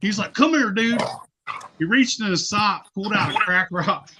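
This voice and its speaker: High bright man telling stories. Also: steady tone, moderate pace, slightly rough. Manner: profane, laughing, loud storyteller. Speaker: podcast host. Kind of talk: casual storytelling.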